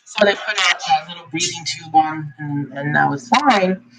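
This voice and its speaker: A young adult woman telling a personal story in a casual, chatty way, jumping up in pitch when she quotes people. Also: normal speed, loud music behind the voice, low-quality recording. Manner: chatty, animated when quoting others. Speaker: vlogger.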